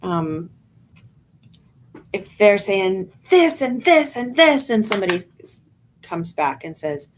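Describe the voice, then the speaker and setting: A woman chaplain giving a gentle training talk to volunteers, calm and explaining, with frequent ums and restarts. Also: on the low side, slow pace, a little hiss or hum.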